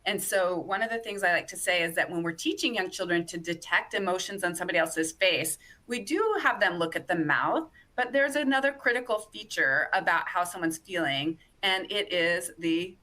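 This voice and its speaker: A woman hosting an online workshop explains ideas clearly and enthusiastically. Her voice is lower than most women's but bright and forward, with a crisp, pointed edge. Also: animated, a little fast, hardly any pauses. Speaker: webinar presenter. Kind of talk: explaining, answering audience questions.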